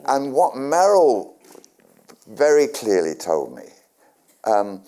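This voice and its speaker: Speaking slowly in a dark-toned, mid-range voice with big pitch swings, an older Englishman entertains a live audience in a community centre hall. The guest actor spins rambling stage anecdotes, restarting often and using dry humour.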